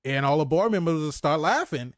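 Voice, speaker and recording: A man co-hosting a casual movie review chat, retelling scenes with lively acted-out lines and frequent laughs. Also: on the high side, brisk, no echo, studio quality. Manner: animated retelling, acts out character lines, laughs often. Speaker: podcast co-host.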